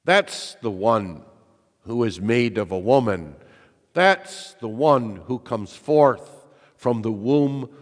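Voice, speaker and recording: A man preaching a sermon in an earnest, emphatic way, putting rhetorical questions to his listeners. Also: fairly low pitch. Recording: reverberant hall.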